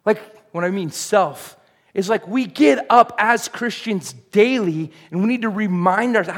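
Guy preaching a sermon, kinda high voice, chatty, asks the crowd stuff. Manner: conversational preaching, asks the congregation questions. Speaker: pastor.

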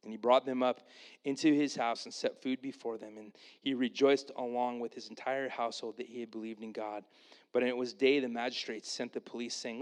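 A male pastor delivering a sermon at a middle pitch. He tells the story with energy and sometimes puts on voices for the people in it. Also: fairly quick. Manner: animated, acts out the Bible characters in voices.

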